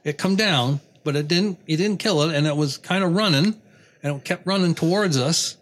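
A man's voice: a little high, moderate pace, slight background noise. Folksy man telling a rambling story. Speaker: guest storyteller. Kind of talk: casual anecdote.

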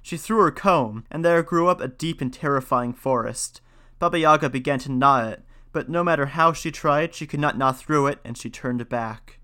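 A man reading a folktale aloud in a steady, measured voice, then talking through it in a casual lecture. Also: a little high, clear, resonant tone. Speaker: storyteller and lecturer.

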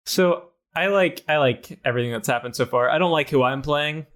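A man's voice: fairly high pitch, brisk, fairly bright tone. A man in casual chat between improv scenes who rambles, hesitates and laughs often. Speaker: improv comedy podcast player.

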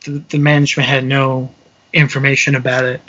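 A young man casually telling a travel story, animated and swearing freely while acting out the quotes. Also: medium pitch, a little fast, lo-fi sound. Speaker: touring musician telling a story.

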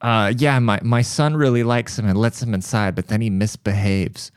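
A man voicing a young woman neighbor who complains politely and haltingly about a cat. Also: on the low side, steady tone, smooth, no room sound, studio quality, close to an everyday voice. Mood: complaining.

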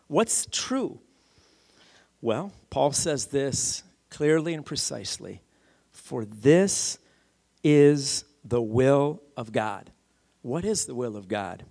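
Male pastor, sermon delivery, emphatic and repetitive, pitch a touch high. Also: creaky. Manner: emphatic, repeats key phrases, asks the congregation questions.

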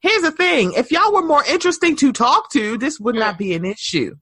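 A woman's voice: high voice, fairly quick, no room sound. A woman co-hosting a casual chat, telling sassy stories and acting out the quoted voices. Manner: animated, sassy storytelling with acted-out quotes. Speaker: podcast co-host.

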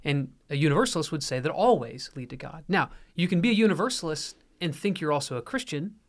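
A man's voice: a little high, expressive, fast. A man co-hosting a Christian marriage podcast with his wife, explaining ideas earnestly with frequent fillers and restarts. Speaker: podcast co-host. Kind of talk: casual faith and marriage podcast talk.

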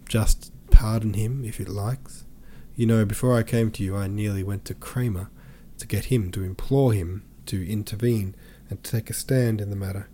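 A man voicing a distraught middle-aged woman pleading tearfully with her brother, in a low, mellow reading voice. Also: a little hiss or hum, close to an everyday voice. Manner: pleading, tearful, breathless run-on speech.

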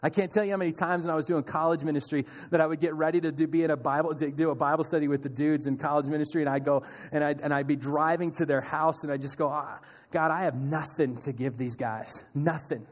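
Animated high-voiced male pastor. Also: quick pace, hardly any pauses, long reverb tail. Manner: animated, acts out panicked voices and a calm soft reply. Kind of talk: sermon.

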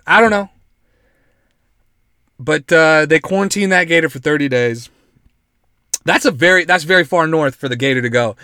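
A man hosting a podcast, reading news stories aloud and riffing on them in a joking, profane, animated way. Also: fairly high pitch, dry recording, studio quality. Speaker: podcast host.

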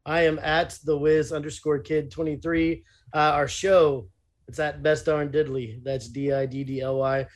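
A man's voice: a little high, little pitch movement, measured pace. A man guesting on a casual podcast, joking and then thanking the hosts.

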